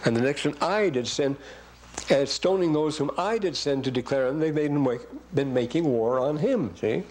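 A man's voice: on the high side, moderate pace, darkish tone, slight background noise, rough recording. An older man giving a classroom lecture, reading verses aloud and breaking in with rambling comments to his students.

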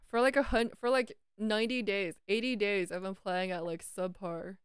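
Smooth-voiced chatty woman commentating chess. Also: medium pitch, fairly even intonation, moderate pace, no echo, studio quality. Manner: chatty, self-talking, swears playfully; breaks into sung lines. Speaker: chess streamer.

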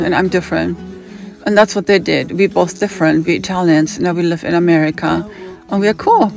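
A woman's voice: fairly low pitch, creaky, darkish tone. A woman from Hamburg with a German accent telling a rambling personal story, drifting off on tangents and acting out what other people said. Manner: digressive, acts out other people's lines.

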